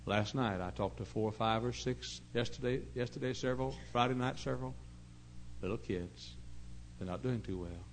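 A middle-aged pastor preaches with a gravelly, fry-edged voice at an ordinary male pitch. His delivery is earnest and storytelling, sliding from quiet, confiding asides up to forceful emphasis. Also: moderate pace, slight background noise, poor audio. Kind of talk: sermon.

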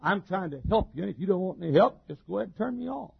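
A male pastor preaches in a folksy, joking way, often chuckling and swinging from loud to soft. His voice sits high and moves in wide, lively leaps, with a husky edge. The recording is dull and lo-fi. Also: racing. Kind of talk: sermon.

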